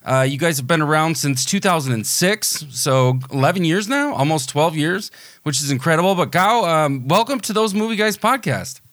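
A man's voice: a little high, expressive, normal speed, fairly bright tone, no room sound, clean studio sound. Enthusiastic American man hosting a podcast. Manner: rambling, enthusiastic, many fillers and restarts. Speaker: podcast host. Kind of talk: casual podcast interview.

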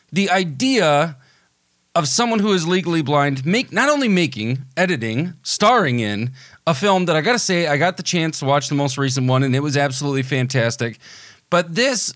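A man's voice: on the high side, a bit bright, dry recording. Man, American accent, podcast host, enthusiastic, rambling, fillers, dry recording. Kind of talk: casual podcast interview.

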